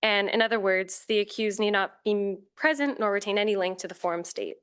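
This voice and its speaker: Woman presenting at a conference panel, smooth voice, measured and formal, the odd um and restart. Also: mid-range voice, fairly bright tone. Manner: formal, measured, with occasional fillers and self-corrections.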